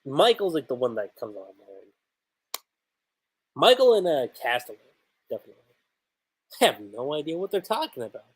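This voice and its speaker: A man's voice: a little high, big pitch swings, fairly quick, pauses often, breathy edge, low-quality recording. A man hosting a casual livestream manga chapter review. He thinks aloud, restarts often and laughs.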